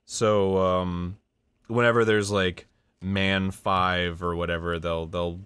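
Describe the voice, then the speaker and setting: A man's voice: sits low, level tone, takes it slowly, fairly bright tone, clean tone, no echo. A man in his thirties telling a casual, rambling story about his voice work, often breaking off mid-sentence and swearing. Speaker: voice actor and show host.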